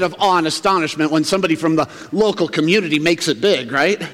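A man preaching a relaxed, conversational sermon in a church sanctuary. His voice sits a little high for a man, and it carries a long reverb through the large hall. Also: quick pace. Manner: conversational, acts out townsfolk's reactions. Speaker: pastor.

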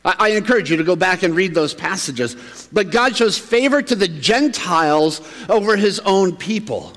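A man's voice: high-pitched, expressive, normal speed, a bit bright. A man preaching a sermon as a pastor, in a conversational way that acts out the reactions of the townsfolk. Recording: long reverb of a large hall.

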